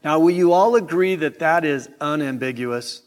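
A man preaching an evening sermon in a church sanctuary, emphatic and deliberate, asking the congregation rhetorical questions. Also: on the high side. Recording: hall reverb in sanctuary.

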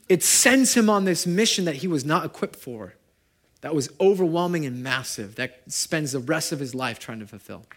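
A man preaching a sermon at a church gathering, talking casually and shifting between loud, animated stretches and hushed, quiet ones. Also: fairly high pitch. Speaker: pastor.

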